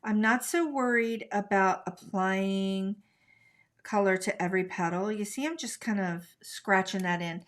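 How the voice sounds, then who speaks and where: A woman's voice: medium pitch, a little slow. A middle-aged woman from the United States hosting a live craft tutorial, chatting casually with viewers as she demonstrates. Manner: chatty, talks to viewers while coloring.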